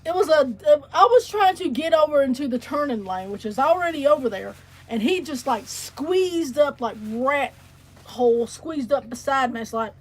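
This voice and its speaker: A woman's voice: high-pitched, expressive, normal speed. A woman co-hosting a casual livestream chat, telling stories bluntly and with plenty of swearing. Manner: blunt, profane storyteller.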